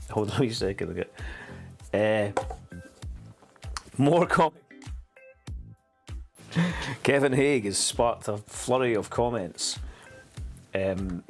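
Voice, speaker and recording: Male host, low-pitched, sardonic, rambles and restarts, over faint music. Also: expressive, takes it slowly, vocal fry, pauses often. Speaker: podcast host. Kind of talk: casual commentary.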